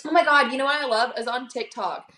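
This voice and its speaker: A woman's voice: high-pitched, fast talker, sharp tone. A woman guest chatting casually on a livestream, teasing and laughing as she reacts. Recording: roomy echo.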